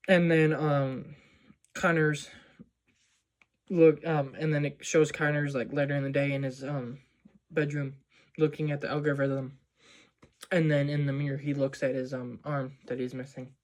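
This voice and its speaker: A man's voice: on the high side, flat delivery, measured pace, long pauses. A man casually recapping a movie scene by scene, rambling with lots of "like" and "um". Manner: rambling, full of "like" and "um". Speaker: movie vlogger.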